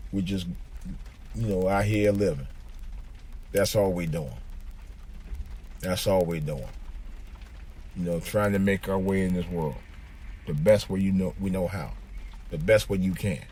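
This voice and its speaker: A man's voice: deep voice, darkish tone, breathy edge. A man hosting his own podcast, talking casually from his car. He rambles and repeats himself, with plenty of fillers. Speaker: podcast host. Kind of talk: casual monologue. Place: in a car, driving.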